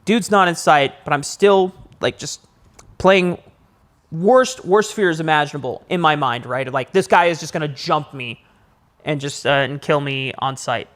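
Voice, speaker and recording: A young man with a fairly high voice tells a story on a casual podcast. He talks loosely and jumps even higher and louder when he replays his own panic. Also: a little slow. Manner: animated storyteller, rises high acting out panic. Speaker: podcast co-host.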